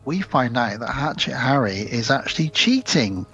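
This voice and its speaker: A man's voice: medium pitch, very animated, normal speed, sharp tone, muffled recording, soft background music. A man co-hosting a podcast, retelling film scenes at length in casual chat. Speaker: podcast co-host.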